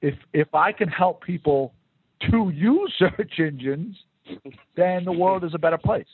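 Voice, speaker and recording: A man's voice: high voice, lively intonation, a little slow, narrow, tinny audio, slight background noise. A man co-hosting a casual podcast, rambling with lots of restarts and repeated words. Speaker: podcast co-host.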